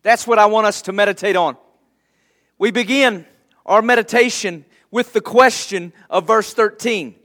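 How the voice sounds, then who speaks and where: A man's voice: sits high, moderate pace, fairly bright tone. A man preaching a sermon to his church in a conversational way, laughing lightly now and then. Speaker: pastor.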